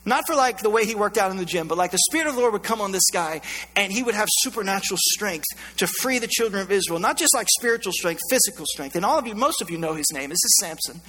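A man's voice: high voice, expressive, fast, sharp tone, long reverb tail. A male pastor preaching a sermon in a conversational, joking way, telling the story with animation.

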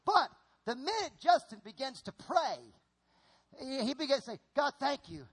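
A middle-aged man preaching a sermon in an animated, folksy way, often repeating himself as he acts out an example on stage. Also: very high-pitched, moderate pace.

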